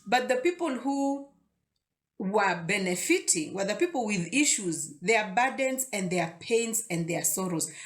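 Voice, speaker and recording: A woman's voice: medium pitch, animated, a little slow. A woman hosting a casual devotional talk, conversational and often repeating words as she thinks aloud. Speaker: devotional video host.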